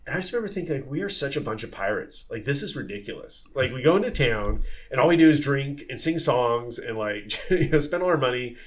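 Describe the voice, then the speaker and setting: A man who sailed on tall ships, telling stories in a casual podcast conversation, lively and full of fillers and restarts. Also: medium pitch, fast, few pauses. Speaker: former tall ship sailor.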